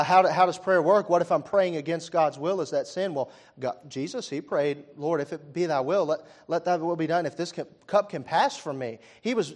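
A man preaching a sermon, moving from quiet conversational storytelling to loud, impassioned peaks, with frequent "uh" and "you know" fillers. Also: fairly high pitch.

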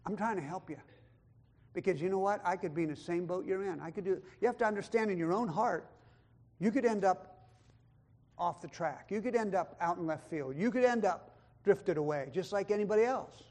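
High-voiced man preaching with emphatic swings. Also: a little fast. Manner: emphatic, swings between loud and hushed; quotes scripture in old-style wording. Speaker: pastor. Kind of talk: sermon.

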